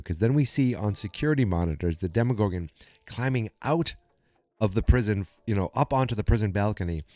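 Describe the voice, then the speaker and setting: A man hosts a podcast and recaps an episode in a chatty, animated way. His voice sits a little low. The recording is close and dry with no room sound. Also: dry recording. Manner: chatty, animated storytelling with many fillers and restarts. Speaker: podcast host.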